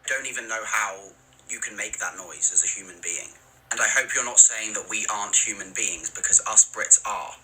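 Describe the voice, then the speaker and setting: A man's voice: fairly low pitch, moderate pace, sharp tone, slight background noise, poor audio. A British man delivering a dry, self-deprecating scripted comedy monologue, hesitant and apologetic in his sketches. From Britain. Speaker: comedy video creator.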